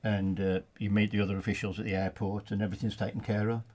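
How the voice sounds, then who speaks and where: A man with a Black Country accent, a retired football referee telling funny anecdotes in a relaxed studio chat. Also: on the low side, quick pace. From England. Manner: anecdotal, laughs at his own stories, many restarts. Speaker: studio guest, former referee. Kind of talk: storytelling in a casual chat.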